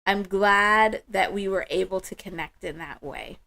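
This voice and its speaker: A woman hosts a spiritual livestream and speaks to her viewers in an emotional, affirming way. She talks slowly and softly at a middle pitch and takes her time between thoughts. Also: vocal fry. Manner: warm, emotional, affirming, slow and soft-spoken. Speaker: livestream host.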